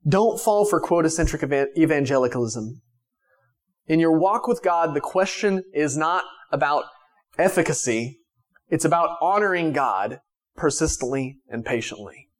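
A man preaching a sermon to his church in a conversational way, with many restarts, swinging from raised emphatic lines to quiet, soft ones. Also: on the high side, lively intonation, moderate pace. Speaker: pastor.

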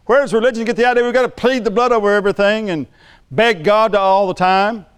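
A man preaching a sermon in a church, joking with the congregation and building to emphatic, shouted lines. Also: high voice, fairly even intonation, fast talker, clear, resonant tone.

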